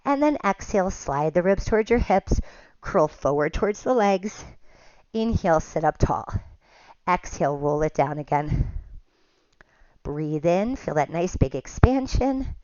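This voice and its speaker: Woman, pilates instructor, steady counted cues, dry slightly dull audio. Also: fairly low pitch, a little slow, no room sound. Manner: calm step-by-step cueing with counts. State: slightly out of breath at times. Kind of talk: guided exercise class cues.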